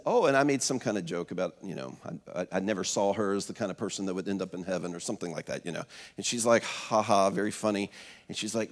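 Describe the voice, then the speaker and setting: A man's voice: lowish voice, fast. A man in his fifties preaching a sermon as pastor, telling stories in a conversational way, with many fillers and restarts. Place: church auditorium. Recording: long hall reverb.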